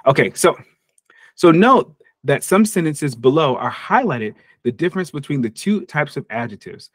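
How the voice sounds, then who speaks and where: An American man teaches an online English lesson in a casual, jokey style, pausing to act out short example dialogues. His fairly high voice is sing-song at a normal speed, with clean, echo-free studio sound.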